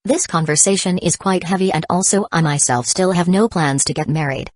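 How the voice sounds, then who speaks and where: A woman reading as a calm young man. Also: lowish voice, brisk, no room sound, close to an everyday voice. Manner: calm, even delivery.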